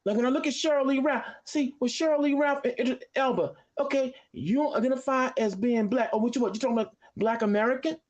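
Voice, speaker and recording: A man arguing on a talk show, combative, firing off rapid questions. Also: extremely high pitch, highs cut off. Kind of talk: heated talk-show debate.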